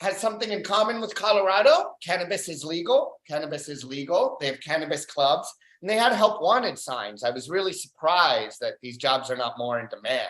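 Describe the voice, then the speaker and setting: This is a deadpan open mic set on a club stage, spoken at a medium pitch. The comedian trades in dry one-liners and keeps pausing on fillers, all heard through a roomy echo.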